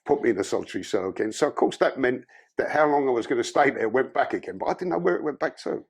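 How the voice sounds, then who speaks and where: Gravelly, husky man. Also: mid-range voice, animated, fast talker. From London. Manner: blunt, profane storytelling. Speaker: podcast guest. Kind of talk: candid life-story interview.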